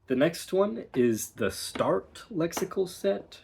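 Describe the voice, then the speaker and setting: Slow, deliberate male dialect coach. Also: mid-range voice, very animated, creaky, darkish tone, husky. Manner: slow, deliberate, modeling vowel sounds word by word. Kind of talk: accent lesson with spoken demonstrations.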